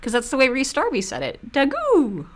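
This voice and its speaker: Playful, lively woman co-host. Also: high voice, fast talker. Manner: playful, teasing, laughs often. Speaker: podcast co-host. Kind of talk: casual chat.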